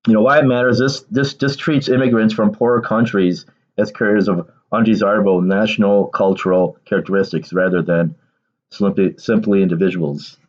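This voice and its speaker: A man's voice: lowish voice, fairly even intonation, moderate pace, highs cut off. A man doing casual political commentary on his vlog, reading aloud and then ranting emphatically with bursts of laughter.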